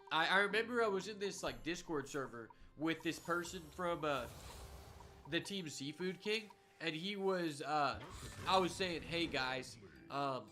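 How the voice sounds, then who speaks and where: A young man streaming a card game, chatting casually and telling stories, given to sudden loud hype outbursts. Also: a little high. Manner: excitable, swings from quiet muttering to loud shouting. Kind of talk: live gameplay commentary and storytelling.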